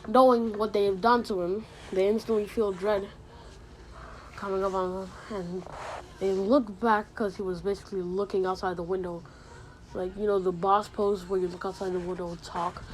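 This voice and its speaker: A woman rambles through a made-up fantasy story in a casual, unscripted way, full of fillers and restarts. Her voice sits at an ordinary middle pitch, and faint background noise runs under her. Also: steady tone, moderate pace, rough recording.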